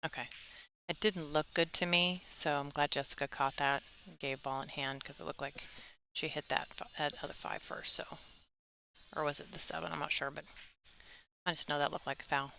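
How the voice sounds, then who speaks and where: A woman's voice: low voice, steady tone, normal speed, creaky, pushed and bright, slight background noise. A woman commentating a live pool tournament stream in a chatty, casual way, laughing easily and plugging the stream. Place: tournament venue.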